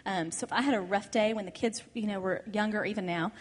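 A middle-aged woman with a mid-pitched voice co-teaches a marriage seminar. She speaks candidly and reflectively. Her voice carries a long reverb in a large hall. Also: fast.

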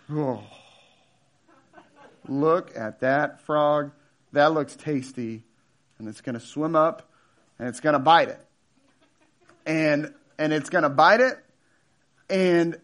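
A man in his thirties preaching a sermon in a casual, joking storytelling way with animated asides. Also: mid-range voice. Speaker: pastor.

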